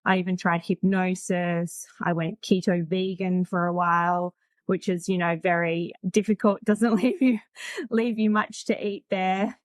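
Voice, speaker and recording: Lower-voiced woman telling her story. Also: little pitch movement, unhurried, no echo. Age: 40s. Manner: chatty, frank, laughs easily. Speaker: podcast guest. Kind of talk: casual storytelling.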